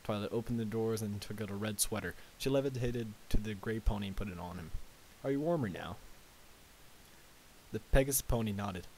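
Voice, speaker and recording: Low-voiced guy reading a story, trips on words, bit of hiss. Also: darkish tone, low-quality recording. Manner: halting, with slips and self-corrections. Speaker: amateur reader. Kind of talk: reading fan fiction aloud. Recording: faint tape hiss.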